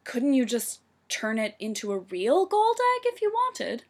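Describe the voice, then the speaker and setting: A woman's voice: on the high side, sing-song, a little slow, husky, exaggerated voice. A woman voicing a flustered young trainee witch who sputters indignantly. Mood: sputtering.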